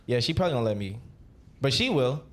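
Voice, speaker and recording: A man co-hosting a casual podcast chat, quick to laugh and push back on the others. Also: mid-range voice, expressive, a bit bright, a little hiss or hum. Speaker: podcast co-host.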